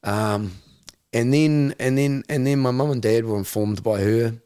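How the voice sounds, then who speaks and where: A man's voice: medium pitch, a little slow, mellow, clear, resonant tone, no echo, clean studio sound. A man in his forties with a New Zealand accent, a guest on an interview podcast. He tells his story bluntly, swears freely and restarts his sentences often. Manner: acts out other people's voices in his stories. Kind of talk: candid conversational storytelling.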